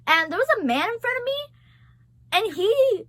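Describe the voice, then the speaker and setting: A young woman chatting casually as a vlogger, gushing and excitable, swearing freely. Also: very high voice, moderate pace, no room sound. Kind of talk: casual chat.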